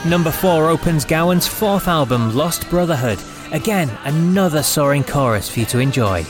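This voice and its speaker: A man's voice: on the high side, lively intonation, normal speed, music in the background. A man hosting a rock podcast, chatty and cheerful as he interviews and presents. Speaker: podcast host.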